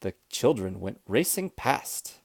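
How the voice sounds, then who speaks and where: A man reading a children's storybook aloud, clear, expressive and deliberate. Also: lowish voice, no echo, studio quality. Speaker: storybook reader.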